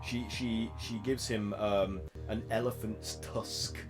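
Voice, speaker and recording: A man narrating as game master of a tabletop game, in a halting, playful way. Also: fairly low pitch, fairly even intonation. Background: background music.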